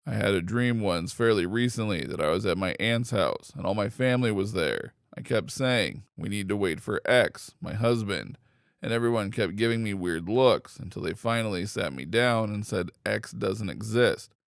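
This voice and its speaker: A man reading online posts aloud in steady, scripted narration. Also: lowish voice, moderate pace, creaky, no echo, studio quality. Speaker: story reader.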